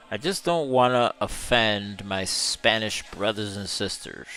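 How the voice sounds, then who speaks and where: Slow-talking, smooth-voiced male streamer. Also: on the low side, lively intonation, bright, forceful tone, soft background music. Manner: chatty, reads chat aloud, laughs often. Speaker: gaming streamer. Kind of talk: live gameplay commentary.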